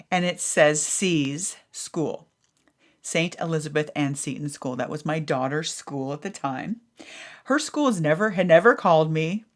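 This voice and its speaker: Lively woman podcast host, lowish voice. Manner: animated, acts out her own thoughts in a raised voice, swears casually. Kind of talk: personal storytelling monologue.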